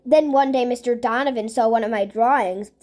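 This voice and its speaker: Woman, high voice, reading a storybook aloud, stumbles and restarts now and then. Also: brisk, a little mellow. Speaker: reader. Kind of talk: reading a picture book aloud.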